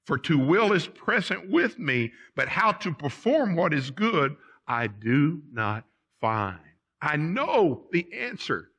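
A male pastor preaching a Sunday sermon in a church, plain-spoken and folksy, swinging from loud emphasis to quiet asides. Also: on the high side, very animated, takes it slowly, breathy edge. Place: church sanctuary.

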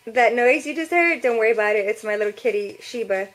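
Cutesy high-voiced woman vlogger. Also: lively intonation, quick pace, a bit bright, soft background music. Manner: cutesy baby talk; bubbly and playful. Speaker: vlogger and martial arts student. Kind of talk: casual vlog chat. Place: her bedroom at home.

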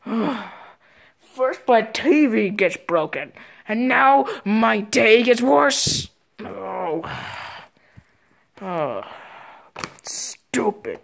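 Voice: medium pitch, lively intonation, very slow, vocal fry, pauses often, full character voice. A performer voicing a grumpy, frustrated adult male villain scientist in a home-made toy show, sighing, groaning and complaining. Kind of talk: amateur toy-show voice acting.

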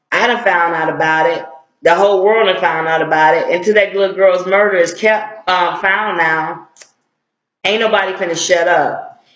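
A middle-aged woman, a civil rights activist, giving blunt, confrontational commentary in slangy street talk. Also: on the low side. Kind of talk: impassioned video commentary. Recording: echoey room, dull lo-fi sound.

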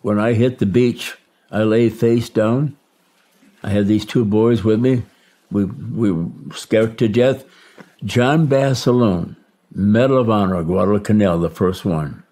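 A man's voice: fairly low pitch, a little slow, dark tone. An older man, a war veteran, recounting a battle plainly and steadily in an interview. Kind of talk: interview recollection.

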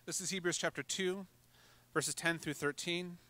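A male pastor preaching a sermon in a conversational way, with fillers and quick asides. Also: high voice, fairly even intonation, pushed and bright, no room sound.

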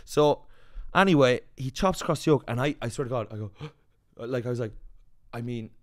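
A Northern Irish man chats on a podcast in a loose, breathless storytelling flow. He swears freely and slips into quoted voices, his pitch swinging widely. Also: moderate pace. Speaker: podcast co-host. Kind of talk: casual storytelling chat.

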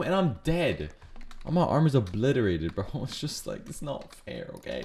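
A man gives live gameplay commentary in a lively, bouncing voice, cursing and trash-talking as he plays. He drops to low mutters, then bursts into shouts. Faint keyboard clicks and typing sit behind him. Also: a little fast, slight background noise. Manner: profane, trash-talking, excitable, swings between muttering and shouting. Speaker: gaming YouTuber.

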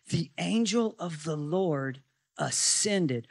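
Man, pastor, high-pitched, preaching, asks rhetorical questions, dry recording. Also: a little slow, no echo. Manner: animated Bible teaching with rhetorical questions. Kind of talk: sermon.

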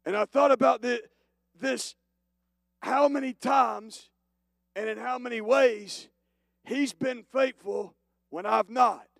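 A male pastor preaching a sermon, moving from hushed, slow passages to loud, emphatic declarations. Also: very high-pitched, creaky, no room sound. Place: church.

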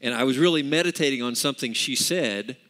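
A man's voice: medium pitch, quick pace, fairly bright tone. Male pastor, mid-range voice, emphatic repetitive sermon delivery, church hall with long reverb. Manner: emphatic, repeats words, calls for congregation responses. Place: church sanctuary.

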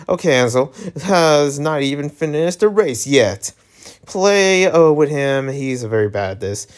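Lively man reading a webtoon aloud. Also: medium pitch. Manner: casual, stumbling reads with laughs. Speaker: webtoon reader.

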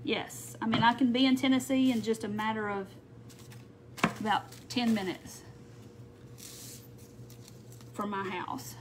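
A woman's voice: a little high, flat delivery, unhurried, long pauses, background noise. A woman with a Southern American accent, hosting a live craft stream and chatting to viewers while she works. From not from North Mississippi. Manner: chatty, reads out viewer comments. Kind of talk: casual craft tutorial chat. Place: home craft table.

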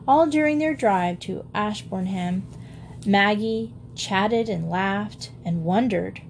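A woman narrating an old-fashioned children's story in a gentle, even storytelling manner. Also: mid-range voice, slow pace, a little hiss or hum. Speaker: audiobook narrator.

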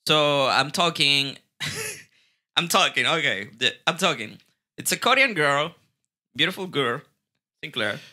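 A guest bartender, a Spanish speaker with a Mexican Spanish accent, tells stories casually, repeating words and swearing now and then. His fairly high voice is very animated, pushed and bright, slow with frequent pauses.

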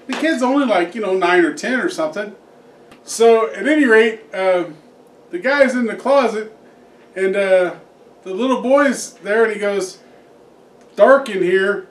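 A man's voice: high-pitched, normal speed, slight background noise. A man telling a joke in a rambling, folksy way, full of fillers. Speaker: joke teller, host. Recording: echoey room, distant mic.

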